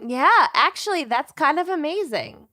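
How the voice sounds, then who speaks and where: A woman's voice: sits high, big pitch swings, normal speed, pushed and bright. A woman with a Minnesotan accent co-hosting a podcast in casual chat, giggly and full of "like" fillers. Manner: giggly, chatty, many "like" fillers. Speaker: podcast co-host.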